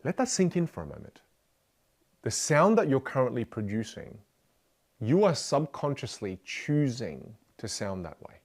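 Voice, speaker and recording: Animated male communication coach. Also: medium pitch, normal speed. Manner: animated, playful, direct address to the listener. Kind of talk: motivational lesson.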